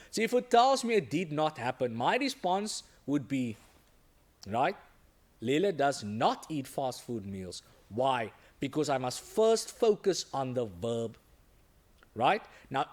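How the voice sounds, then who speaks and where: Emphatic male teacher, lively pitch. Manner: emphatic, repeats key points, checks in with "okay?" and "right?". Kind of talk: recorded exam-prep lesson.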